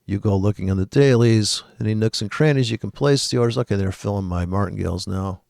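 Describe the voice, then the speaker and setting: Male host, lowish voice, loose profane live chart commentary, dry booth sound. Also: fast talker, vocal fry, darkish tone, dry recording. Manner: rambling, profane, thinking aloud. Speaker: trading video host.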